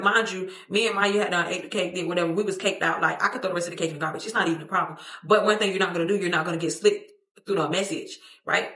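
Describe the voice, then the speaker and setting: A young woman tells a casual storytime vlog, her voice bright and forward. She is animated and slangy, swears freely and acts out what others said. The sound is roomy, with a noticeable echo. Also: medium pitch. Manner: expressive, slangy, profane, acts out quotes, laughs often. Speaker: storytime vlogger. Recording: echoey room.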